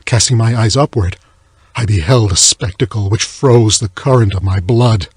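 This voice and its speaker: A man reading a classic sea tale aloud as an audiobook, in a measured, low and somber manner. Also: darkish tone, husky, no room sound. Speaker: audiobook reader. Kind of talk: scripted narration of a classic tale.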